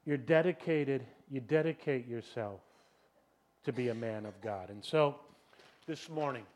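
A middle-aged man preaching a sermon, telling a personal story in an animated, self-mocking way and filling his talk with "you know". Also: medium pitch, a little slow. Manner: animated, self-deprecating, acts out voices, many "you know"s. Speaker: pastor.

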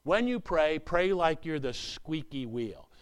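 A man preaching a sermon in an earnest, repetitive way, swinging between loud urgent lines and hushed asides. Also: a little high, expressive, measured pace, smooth. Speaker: pastor.

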